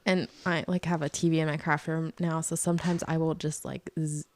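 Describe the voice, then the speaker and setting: A woman's voice: low-pitched, flat delivery, a little fast, darkish tone. A young woman co-hosting a podcast, talking in an easygoing, conversational way with frequent fillers. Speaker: podcast co-host. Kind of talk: casual chat.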